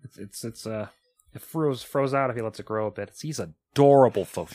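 A man hosting a podcast in loose, casual chat. He tells stories with a crude, joking edge and swears freely. His voice sits in a middling pitch. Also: brisk, warm tone. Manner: profane, jokey storytelling with put-on voices. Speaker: podcast host.

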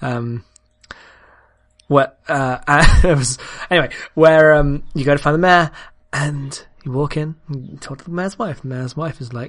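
A man co-hosting a casual podcast chat, telling a story with animated enthusiasm and frequent laughter. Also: fairly high pitch, a little slow. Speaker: podcast co-host.

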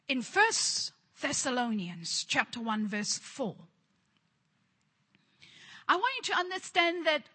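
A woman preaching with a high, bright voice. She is fervent and works in repeated phrases, pressing her congregation to answer back. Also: breathy edge. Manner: fervent, repetitive call-and-response preaching. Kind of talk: charismatic sermon.

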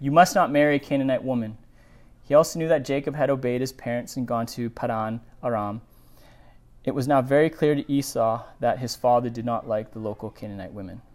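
A male pastor giving a sermon, reading scripture aloud and breaking off into animated, digressive asides. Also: medium pitch.

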